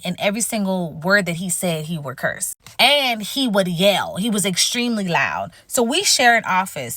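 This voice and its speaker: A woman's voice: mid-range voice, fairly bright tone, no echo. A woman casually telling the story of her career, acting out quoted dialogue with big jumps in her voice.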